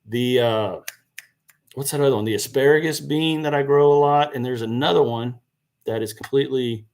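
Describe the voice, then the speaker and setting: At a moderate pace, a man with a mid-range, darkish-toned voice hosts a gardening channel live stream from indoors next to a seed box. He chats casually, answers viewer questions, and corrects himself as he talks.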